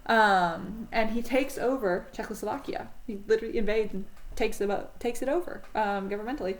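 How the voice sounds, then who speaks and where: A woman's voice: medium pitch, brisk, rough recording. A woman teaching a history class in a casual, chatty way, with frequent ums and self-corrections.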